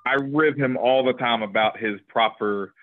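A man's voice: mid-range voice, normal speed. Joking man with a country drawl. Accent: Southern US country. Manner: joking, teasing, laid-back drawl. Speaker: pro wrestler guest. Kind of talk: casual panel chat. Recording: tinny phone-like line.

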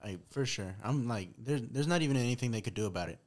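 Laid-back young man, halting speech. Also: mid-range voice, lively intonation, darkish tone. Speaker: podcast co-host. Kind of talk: casual chat.

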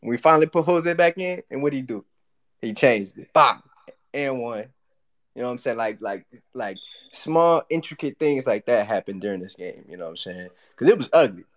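A man's voice: mid-range voice, lively intonation, moderate pace. A man calling in to a fan audio room, rambling and repeating himself. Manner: rambling, repeats "you know what I'm saying". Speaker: caller. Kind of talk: casual fan talk.

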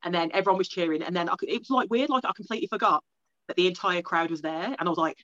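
A young woman from England tells her story at a rapid clip, stringing thoughts together with "like" and little acted-out quotes of herself. The sound is close and dry, with a slightly dull, lo-fi edge. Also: lowish voice, a bit bright, dry recording. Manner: fast, rambling, lots of "like" and quoted self-talk. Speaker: guest. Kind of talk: casual storytelling interview.

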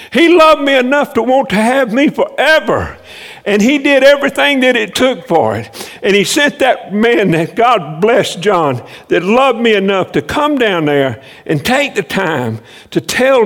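High gravelly man preaching a testimony. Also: big-room sound. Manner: emotional storyteller, repeats words when moved. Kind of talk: sermon testimony.

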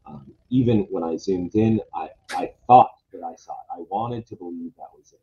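A man's voice: low voice, moderate pace, mellow. A man presenting lodge history in a casual talk, hesitant and full of fillers and restarts. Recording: dull lo-fi sound, faint noise.

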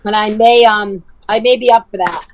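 A woman's voice: mid-range voice, moderate pace, a little hiss or hum. A woman in casual chat, telling a running story with lots of swearing and laughter. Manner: animated storyteller, swears freely, laughs often. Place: lives near Providence.

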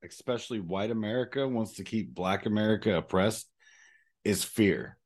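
A man's voice: fairly low pitch, normal speed, darkish tone. A man co-hosting a podcast, ranting heatedly in casual chat with frequent swearing. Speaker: podcast co-host.

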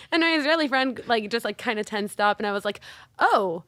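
A young adult woman co-hosting a podcast in casual chat, an animated storyteller who acts out the dialogue. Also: fairly high pitch, normal speed, no echo. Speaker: podcast co-host.

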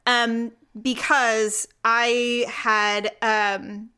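A woman's voice: a little high, level tone, very slow, sharp tone, smooth. A woman co-hosting a podcast, chatting casually and acting out the people in her stories. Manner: chatty storyteller, acts out quotes. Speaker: podcast co-host. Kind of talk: casual chat.

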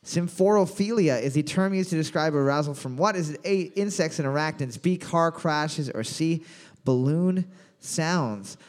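A man hosting a trivia quiz, calling out questions loudly and cracking crude jokes between rounds. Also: fairly high pitch. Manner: loud announcing, crude jokes, slows on answer options. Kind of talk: bar trivia hosting with joking banter.

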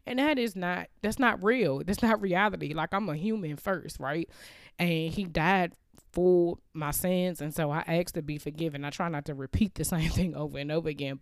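A woman's voice: deep voice, a little mellow, smooth, no room sound. A woman hosting a podcast, telling a personal story in an earnest, heartfelt, conversational way into a close mic. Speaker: podcast host.

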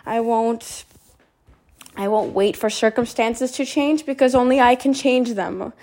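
Woman podcast host, casual confessional monologue, wry and playful, slightly breathless, higher-pitched voice. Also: unhurried, a little mellow. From Montreal. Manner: wry, playful, frequent throat clearing.

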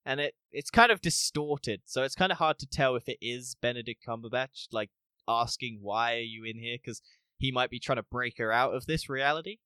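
A man co-hosting a casual podcast review, animated, acting out scenes and laughing often. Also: medium pitch, moderate pace, smooth, no echo. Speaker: podcast co-host. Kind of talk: casual spoiler review chat.

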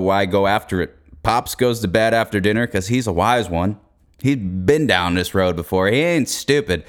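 A man's voice: fairly low pitch, smooth. A young man hosting a podcast, telling a comedic story in a casual, profane, laid-back way. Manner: profane, laid-back, laughs through his stories. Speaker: podcast host.

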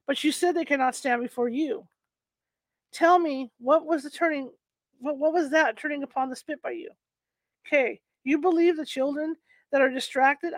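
A woman's voice: high voice, no echo. A woman reading an old court transcript aloud, stumbling and restarting over the archaic wording.

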